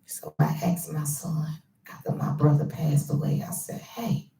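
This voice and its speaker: A woman host tells a personal family story to her viewers, quoting relatives and dropping to hushed asides. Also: lively intonation, unhurried, vocal fry, whispered, distant mic. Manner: quotes family members with shifts in pitch and hushed asides. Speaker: channel host. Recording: echoey room, voice a bit off-mic.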